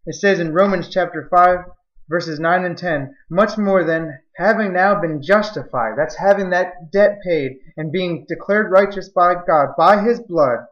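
A man's voice: high voice, fairly bright tone. A man preaching a sermon, quoting scripture and building to earnest, emphatic passages. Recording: roomy, slightly dull recording.

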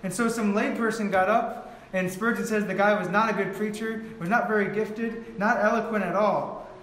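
Earnest preacher with a high voice. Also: male voice, steady tone, moderate pace, a bit bright. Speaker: pastor. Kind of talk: sermon. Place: church sanctuary. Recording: echoey room.

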